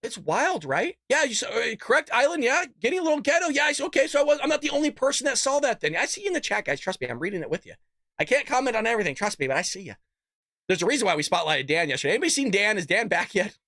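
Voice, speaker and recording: Ranting, profane political show host. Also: male voice, very animated, rapid-fire, no room sound, clean studio sound. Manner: heated, profane ranting that swings loud and high. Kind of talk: live-streamed political commentary.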